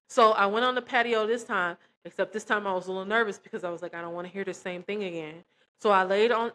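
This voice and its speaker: A woman's voice: medium pitch, bright, forceful tone. Earnest woman sharing a personal testimony. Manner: emotional, earnest, addresses listeners as "y'all". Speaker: christian testimony vlogger. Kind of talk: personal testimony, casual storytelling.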